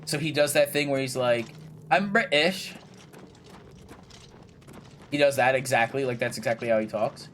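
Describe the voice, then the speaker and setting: A man's voice: mid-range voice, fairly even intonation, quick pace, hardly any pauses, a little hiss or hum. A young man casually commentating his gameplay, chatty and jokey, swearing freely and talking to himself and the game characters. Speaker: gaming video creator.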